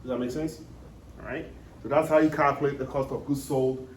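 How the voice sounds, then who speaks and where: A man's voice: mid-range voice, steady tone, brisk. Lecturing man in an echoey room. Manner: repetitive, checks understanding with questions. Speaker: accounting lecturer. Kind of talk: classroom lecture. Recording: echoey room, distant mic, faint noise.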